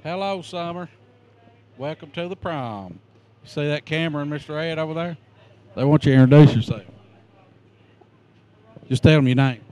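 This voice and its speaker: A man's voice: a little high, moderate pace, long pauses, dark tone. Folksy man greeting arrivals. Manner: folksy, joking, friendly instructions. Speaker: greeter at the prom entrance. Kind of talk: casual on-camera greeting.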